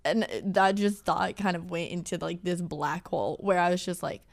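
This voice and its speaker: A young woman co-hosting a podcast, telling a story in animated casual chat with many filler words. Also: lowish voice, normal speed, creaky. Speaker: podcast co-host.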